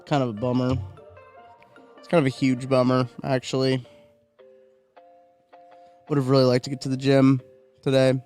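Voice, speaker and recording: A man hosts a casual live stream from home, rambling and chatting as he reads viewer comments aloud. His pitch sits in an ordinary middle range, with faint music playing underneath. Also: monotone, moderate pace, pauses often, darkish tone. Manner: rambling, chatty, reacts to chat, yawning. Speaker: livestream host.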